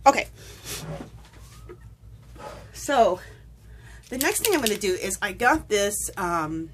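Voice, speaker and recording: A woman's voice: mid-range voice, expressive, slow pace, pauses often, a bit bright, a little hiss or hum. A woman chatting casually to her viewers while demonstrating a craft, with frequent ums. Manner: chatty, addresses viewers as you guys, many ums. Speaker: craft tutorial host.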